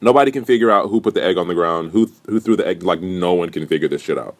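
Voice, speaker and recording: A young man recapping a reality show in a casual, profane, animated rant. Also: low voice, fast talker. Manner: profane, animated, indignant storytelling.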